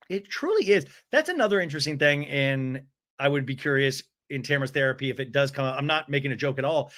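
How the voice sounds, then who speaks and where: A male podcast host giving a comedic reality TV recap, animated and jokey, acting out the lines he quotes. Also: mid-range voice, fast.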